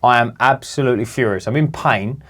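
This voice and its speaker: A man, co-hosting a podcast and telling a long story in a lively, sweary way. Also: medium pitch, fairly quick. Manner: animated, swearing, acts out other people's voices. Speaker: podcast co-host. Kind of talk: casual storytelling.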